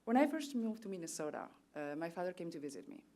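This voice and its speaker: A woman with a Spanish accent speaks in a notably low voice, delivering formal prepared remarks at a seminar. Her tone is earnest and steady as she works through economic figures one after another. Spanish is her first language. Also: quick pace. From Spain. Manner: formal and earnest, reciting statistics. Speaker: trade official on a panel. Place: seminar venue.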